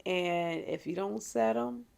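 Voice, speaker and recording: A woman co-hosting a casual podcast, expressive and laughing often, with exclamations. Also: medium pitch, slow pace, gravelly. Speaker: podcast co-host.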